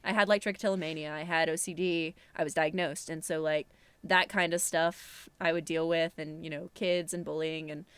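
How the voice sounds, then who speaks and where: A woman's voice: sits low, steady tone, moderate pace, fairly bright tone, smooth, no echo. A young woman co-hosting a podcast, talking in a candid, reflective, casual way. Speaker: podcast co-host.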